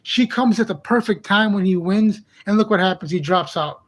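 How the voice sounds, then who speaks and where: Furious profane man, high voice. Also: moderate pace. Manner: heated, profane, ranting; repetitive, exasperated. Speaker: channel host. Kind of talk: angry monologue vlog.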